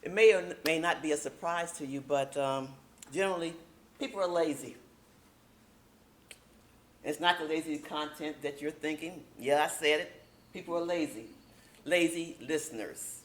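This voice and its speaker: A woman teaching a speaking workshop in a casual, emphatic way, slowing down to stress key points. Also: sits low.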